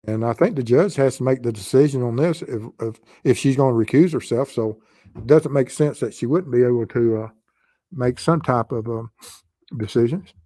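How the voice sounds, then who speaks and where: A man with a Southern US accent hosting a true crime live stream, answering chat questions in a halting way with many pauses. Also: medium pitch, dark tone, dry recording. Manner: halting, with frequent pauses and fillers.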